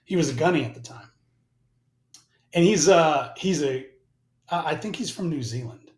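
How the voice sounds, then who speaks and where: A man in his forties tells a story as a podcast guest, casual and salty, jumping between his own lines and the other person's. His voice sits a little high for a man. The room has a noticeable echo. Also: moderate pace. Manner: animated, profane, mimics both sides of conversations. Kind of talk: casual storytelling with acted-out dialogue. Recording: roomy echo.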